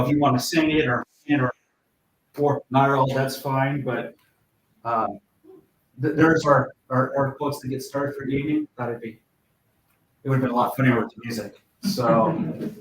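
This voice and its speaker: A man's voice: medium pitch, slight background noise. A man hosting a user group meeting, welcoming the audience in a friendly, self-deprecating, joking way. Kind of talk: welcoming a live meetup. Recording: echoey room from far off.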